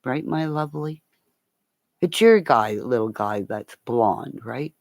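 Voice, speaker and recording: A woman rambling through a livestream chat, unhurried, her low voice full of gravelly fry. She swears freely and calls her viewers by name and endearment. The sound is dry and close. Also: lively intonation, no room sound. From Northern Ontario, Canada.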